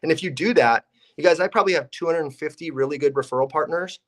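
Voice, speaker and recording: A man's voice: fairly high pitch, fast, fairly bright tone. A young man, a real estate investor and agent, telling stories casually and acting out his phone calls with realtors. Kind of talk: casual podcast storytelling.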